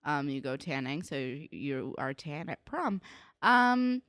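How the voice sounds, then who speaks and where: A woman's voice: deep voice, big pitch swings, a bit bright, no echo, clean studio sound. A young woman from New Jersey, co-hosting a podcast and recapping a TV episode in loose, chatty talk full of "like" and "um". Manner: chatty, lots of "like" and "um", quick asides. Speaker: podcast co-host. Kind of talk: casual chat recapping a TV episode.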